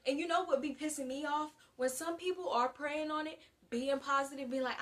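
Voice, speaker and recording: A 19-year-old woman from the US gives a casual, slangy to-camera monologue, talking in an animated way with big swings in loudness. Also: sits high, brisk, few pauses, far from the mic. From United States. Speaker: vlogger.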